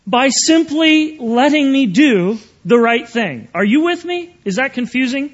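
A man's voice: extremely high pitch, sing-song, measured pace, hardly any pauses, highs cut off. A man preaching an earnest, conversational sermon, often checking in with his listeners.

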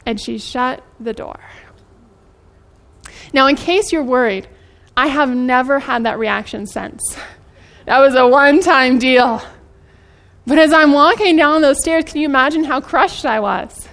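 An earnest woman delivers a sermon in a high voice. She often turns to her listeners with direct questions. When she reaches scripture, her pace slows for emphasis. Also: a bit bright. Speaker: preacher.

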